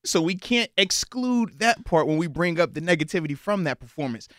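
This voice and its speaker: A man co-hosting a sports talk show, working through counterpoints in a measured way. His voice sits a bit higher than most. The recording is dry and close. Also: lively intonation, fairly bright tone, dry recording. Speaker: sports podcast co-host. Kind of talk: casual sports debate.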